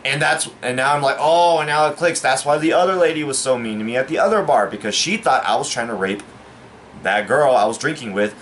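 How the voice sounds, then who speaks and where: A man rambles through a personal story in a casual, halting delivery, stumbling over fillers and restarting his sentences. He sounds baffled and aggrieved, and his voice sits at a middling pitch. A faint noise runs behind him. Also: fairly bright tone. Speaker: storyteller vlogger.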